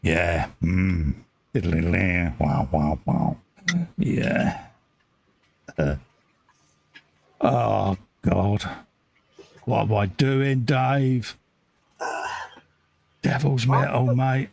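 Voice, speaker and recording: A man's voice: medium pitch, steady tone, very slow, gravelly, long pauses, a little mellow, slight background noise. A man chatting casually and joking with his co-host while talking through each step of building a model kit.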